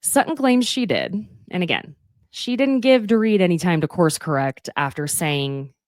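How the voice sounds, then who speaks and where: Sassy woman recapping a show, lively. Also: fairly low pitch, moderate pace, no room sound, studio quality. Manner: chatty, sassy asides, acts out quotes. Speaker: podcast recap host. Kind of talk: casual reality TV recap.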